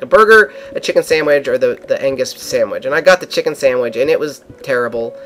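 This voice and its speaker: Male vlogger, mid-pitch, casual rambling storyteller. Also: a bit bright, slight background noise. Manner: rambling, with many fillers and restarts.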